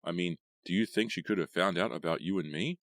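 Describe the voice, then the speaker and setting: A man's voice: low voice, a little fast, a bit bright, dry recording, clean studio sound. A man voicing an anxious, suspicious teenage boy who speaks tensely.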